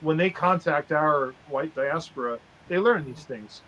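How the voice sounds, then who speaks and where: A man's voice: a little high, a little slow, a bit bright, poor audio. A man speaking earnestly in a casual interview, often tagging his points with "right?". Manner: earnest, tags statements with "right?".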